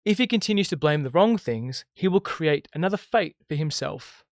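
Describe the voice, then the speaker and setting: A man's voice: a little high, lively intonation, moderate pace, dry recording, studio quality. A man teaching about the I Ching in a casual spiritual monologue, blunt and emphatic, always checking in with "okay?" and "right?". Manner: blunt, swears freely.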